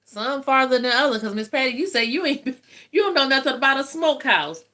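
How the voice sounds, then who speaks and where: Older southern lady chatting on her live stream, telling old stories, laughs a lot, bright voice. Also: sits high, animated, a little fast. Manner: chatty storytelling, laughs often. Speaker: host of a live eating stream. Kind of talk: casual chat with live viewers.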